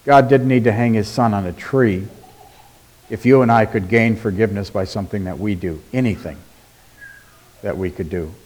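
A man preaching a sermon in a deliberate, emphatic way, asking rhetorical questions and dropping to a quiet voice for stress. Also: on the low side. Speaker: pastor.

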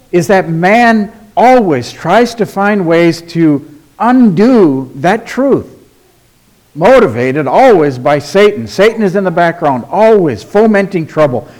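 A man preaching a sermon in a deliberate, emphatic way, asking rhetorical questions and dropping to a quiet voice for stress. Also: on the high side. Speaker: pastor.

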